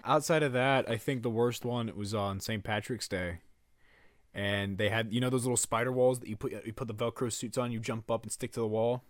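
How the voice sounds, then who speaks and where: A man telling a story at an even, middle pitch while casually hosting. He rambles, backtracks and swears freely, like he is chatting with friends. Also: fairly quick.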